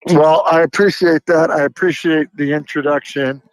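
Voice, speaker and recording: A middle-aged man, a high school football coach, answering radio interview questions in an earnest, halting way. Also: fairly even intonation, no room sound, poor audio. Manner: earnest, many fillers and restarts.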